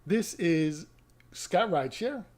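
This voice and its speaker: A man's voice: high-pitched, animated, takes it slowly, darkish tone, slight background noise. A middle-aged man, a rideshare driver and vlogger, casually telling a story to camera, rambling and correcting himself with small chuckles. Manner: rambling, self-correcting, chuckles at own stories.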